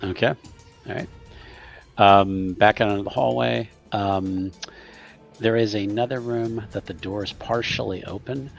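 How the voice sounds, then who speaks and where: A man narrating as game master for a tabletop game, pausing often with fillers. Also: lowish voice, fairly even intonation, creaky, faint music behind. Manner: halting, filler-heavy narration.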